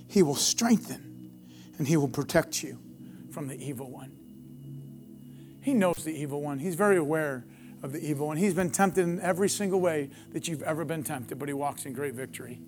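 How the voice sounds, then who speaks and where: A man preaching a sermon, building passionately to loud, repeated declarations. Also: on the high side. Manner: impassioned, builds to near-shouting peaks; repetitive preaching cadence. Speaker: pastor.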